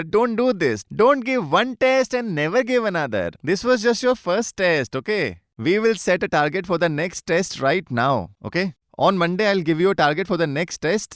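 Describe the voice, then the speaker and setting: A man's voice: a little high, fairly bright tone, no room sound, clean studio sound. A man teaching a live online class, chatty, repeating his greetings and checking in with students again and again.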